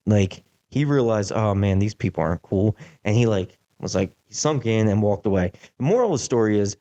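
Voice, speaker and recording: A young man hosting a podcast, telling a casual story in an animated way, with lots of "like" fillers. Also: lowish voice, fairly quick, highs cut off. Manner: animated, acts out quotes, many "like" fillers. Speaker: podcast host.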